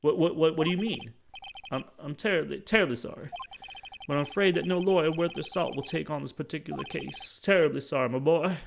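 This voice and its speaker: A man's voice: a little high, fairly quick, vocal fry, noisy background, pitched above the performer's own voice. A man voicing a pompous older male lawyer who blusters, stammers and speaks grandly.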